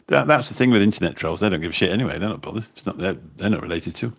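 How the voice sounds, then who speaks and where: Talking into a phone, a man who drives a taxi and hosts livestreams rambles casually through viewer comments, repeating his words often. His low voice is animated and racing, creaky yet fairly bright in tone.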